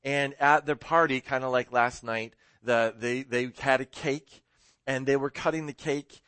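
A man's voice: medium pitch, fairly even intonation, measured pace, a bit bright, smooth, no echo. Male pastor, casual rambling sermon, self-correcting, dry close sound. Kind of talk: sermon with humorous story.

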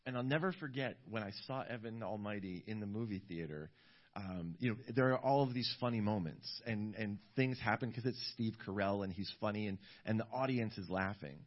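A lower-voiced male pastor delivering a sermon in a relaxed, conversational way, often restarting his sentences. The recording is dull and muffled, like a church livestream. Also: fairly quick. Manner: conversational preaching with many restarts, rising into animated storytelling. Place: church service in a community center.

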